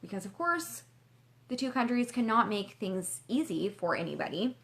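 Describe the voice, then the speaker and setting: A woman's voice: mid-range voice, big pitch swings, normal speed, fairly bright tone. A young woman from Canada telling a personal story to her vlog viewers, chatty and gushing, full of "like" fillers. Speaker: vlogger. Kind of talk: casual storytelling.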